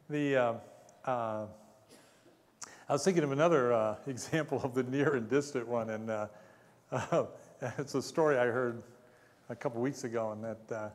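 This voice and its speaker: A man lecturing at a conference, his voice sitting at an everyday middle pitch. He rambles through stories, chuckles often and pokes fun at himself, with a long hall reverb behind every word.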